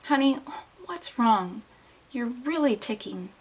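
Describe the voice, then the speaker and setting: A woman reading as a gentle, caring mother. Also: on the high side, animated, takes it slowly, slightly rough, exaggerated voice. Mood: concerned. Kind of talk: audiobook reading.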